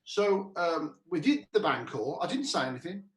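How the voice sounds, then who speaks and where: His voice a little high, expressive and moderately paced, a cabaret musician hosting a chat show tells a rambling anecdote over a video call. He keeps restarting and repeating "he said," casual throughout, and the sound is echoey and roomy.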